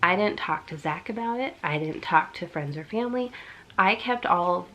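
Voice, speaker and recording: A woman's voice: fairly low pitch, animated, normal speed, sharp tone. A young woman talking candidly in a personal vlog, congested from a cold, chatty and confessional with nervous laughs. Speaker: vlogger.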